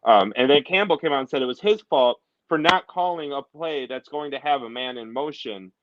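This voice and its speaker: A man hosting a casual sports talk show, animated and ranting in quick bursts. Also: mid-range voice, background noise. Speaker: podcast host. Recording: dull lo-fi audio.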